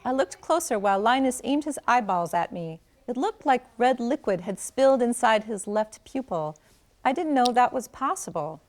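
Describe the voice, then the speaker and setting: A woman author reading a first-person passage aloud from her novel, in a steady, clear storytelling manner. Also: fairly high pitch, normal speed.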